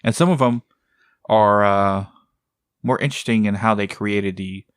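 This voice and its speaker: A man's voice: lowish voice, measured pace, smooth, no room sound, studio quality. A man co-hosting a podcast, chatting casually and wandering off on tangents. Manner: rambling, tangential. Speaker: podcast co-host. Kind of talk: casual chat.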